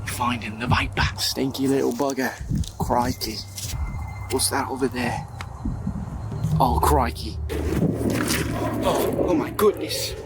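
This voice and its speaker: A man's voice: mid-range voice, slow, pauses often, heavy background noise, pitched below the performer's own voice. A man putting on an Australian accent to play a swaggering wildlife hunter stalking a snake outdoors, full of slang and exclamations. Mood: wary. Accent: put-on Australian. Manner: exaggerated slang-heavy whispers and exclamations.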